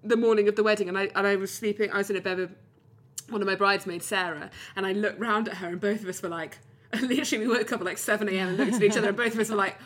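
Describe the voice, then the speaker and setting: A woman's voice: medium pitch, steady tone, very fast. A young British woman co-hosting a podcast, telling a story in casual chat, swearing freely and laughing often. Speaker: podcast co-host.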